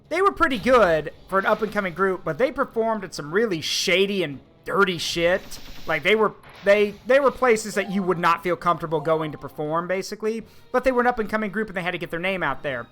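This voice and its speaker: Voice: mid-range voice, fairly bright tone. A streamer host in casual chat, telling a long story with lots of fillers and restarts. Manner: rambling, filler-heavy storytelling.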